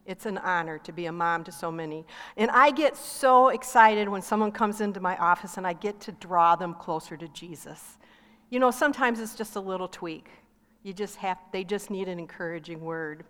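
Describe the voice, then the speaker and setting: A woman's voice: on the low side, normal speed, fairly bright tone, smooth. A middle-aged woman co-pastor sharing a testimony in a sermon, telling stories and acting out quoted talk. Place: church sanctuary. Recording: long reverb of a large hall.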